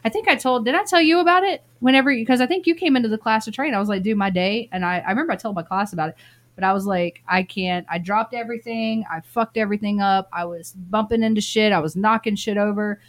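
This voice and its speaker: A woman's voice: mid-range voice, quick pace. A woman co-hosting a podcast, telling stories in casual, laughing chat with frequent swearing. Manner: laughing, swearing, chatty storytelling. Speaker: podcast co-host.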